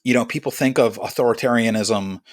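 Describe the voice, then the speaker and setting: A man's voice: medium pitch, brisk, no room sound, clean studio sound. A man in his fifties, originally from Chile, a musician guest in an interview who tells his memories reflectively and in vivid detail. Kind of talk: conversational interview storytelling.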